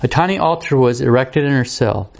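A man narrating a story in a measured, solemn reading manner. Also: medium pitch, creaky, highs cut off.

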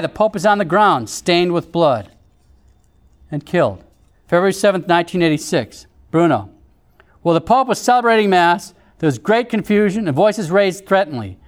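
Male narrator, high pitch, measured solemn read. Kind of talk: scripted narration reading visions.

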